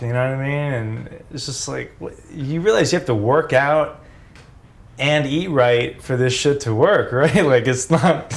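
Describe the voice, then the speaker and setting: A man in his forties, a former pro wrestler, casually telling road stories, laid-back and swearing freely. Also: mid-range voice.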